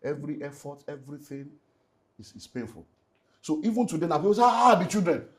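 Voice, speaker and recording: A middle-aged Nigerian man, a pastor, telling an earnest, animated personal story in an interview and slipping into Pidgin. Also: on the high side, brisk. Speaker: pastor and relationship speaker.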